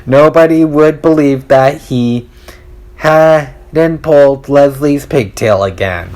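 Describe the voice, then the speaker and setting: A man reading a children's storybook aloud, telling it in a slow, deliberate way. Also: on the high side, a little mellow. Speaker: audiobook reader.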